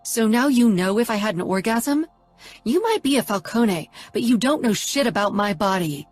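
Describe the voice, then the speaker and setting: A woman's voice: a little high, sing-song, slow, slightly rough, faint music behind, pitched above the performer's own voice, full character voice. A woman reading an audiobook and voicing a guarded young woman who snaps back defiantly.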